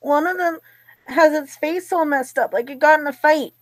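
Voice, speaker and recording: Woman voicing a tiny rabbit, extremely high squeak, panicky, apologetic, tabletop game character. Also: moderate pace, dry recording, close to an everyday voice. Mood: nervous. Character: timid, panicky young rabbit.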